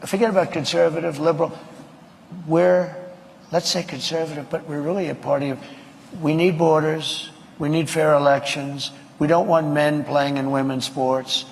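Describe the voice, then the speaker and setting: A man's voice: fairly high pitch, fairly even intonation, normal speed, creaky, a little hiss or hum. Male politician speaking in a reverberant hall. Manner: emphatic speechmaking. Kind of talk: speech at a rally. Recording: hall reverb, faint crowd.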